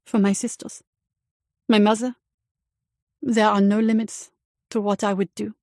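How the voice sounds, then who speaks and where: An earnest young housekeeper chooses her words carefully, read by a woman narrator. The voice carries a gravelly texture with a dry, close sound. This is an audiobook read. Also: mid-range voice, level tone, unhurried, a little mellow, no room sound, natural voice. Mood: resolute. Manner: careful, pleading.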